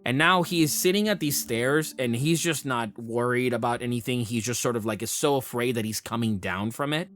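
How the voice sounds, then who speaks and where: A man's voice: mid-range voice, brisk, hardly any pauses, fairly bright tone, faint music behind. Man narrating a tabletop game. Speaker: game master.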